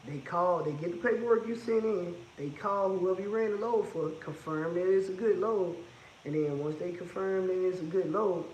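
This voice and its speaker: A man's voice: high-pitched, normal speed, a little mellow, echoey room, dull audio, a little hiss or hum. A man who owns a trucking business, talking casually and bluntly about its costs, repeating his points for emphasis. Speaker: trucking business owner giving advice. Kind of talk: casual advice monologue.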